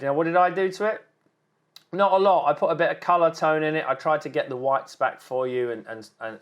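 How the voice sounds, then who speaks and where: A man, a wildlife photographer giving chatty, encouraging critiques of viewers' photos with many ums and repeated words. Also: medium pitch. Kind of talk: casual on-screen photo critique.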